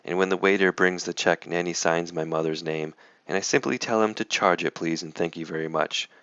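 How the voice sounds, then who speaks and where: A man reading a picture book aloud in a lively, expressive way. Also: deep voice, a little fast, no room sound, highs cut off. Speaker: storybook reader.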